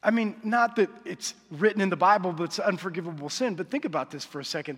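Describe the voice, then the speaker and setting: Casting note: slightly high-voiced male pastor, chatty and confessional sermon, long hall reverb. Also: fast, few pauses, a bit bright. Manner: conversational, confessional, asks the audience often.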